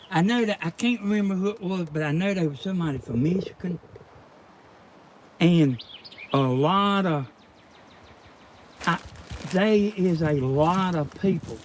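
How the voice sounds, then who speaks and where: A man's voice: a little high, slight background noise. A man from Georgia with a Southern accent filming outdoors, joking and rambling to his viewers. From Georgia, USA. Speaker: vlog cameraman and co-host. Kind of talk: casual vlog chat to viewers. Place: outdoor garden. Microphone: camera he holds.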